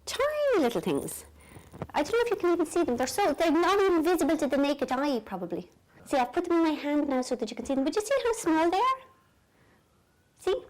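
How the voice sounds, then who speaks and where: Irish woman vlogger, fairly high voice, chatty and wry, slips into whispers. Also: big pitch swings, fast talker, poor audio. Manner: chatty, self-mocking, drops into whispers. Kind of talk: casual chat to camera. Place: bedroom at night.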